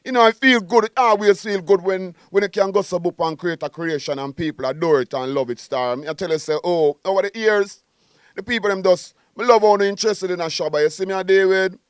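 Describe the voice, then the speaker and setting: This guest musician, a Jamaican man, speaks fast with a smooth, fairly high voice, bragging his way through a relaxed interview. Lively and repetitive, he returns to favorite phrases again and again, captured in dry, close-up sound.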